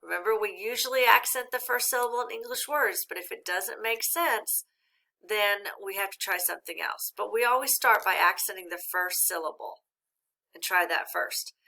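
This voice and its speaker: A woman teacher giving a recorded reading lesson, speaking slowly and clearly and encouraging young learners. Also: mid-range voice, bright, forceful tone.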